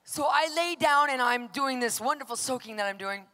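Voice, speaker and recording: A woman minister tells her story of struggle as a sermon, acting out her own outbursts in an emphatic, dramatic way. Her voice sits a bit high. The sound trails off in a long reverb. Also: animated, moderate pace, bright, forceful tone. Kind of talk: personal testimony preaching.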